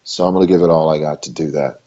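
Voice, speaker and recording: Here a Maryland bodybuilder, appearing as an interview guest, talks fast in an extremely low, dark voice with fairly even intonation. His style is casual and emphatic, with words repeated for stress in a loose, chatty flow. The audio is dull.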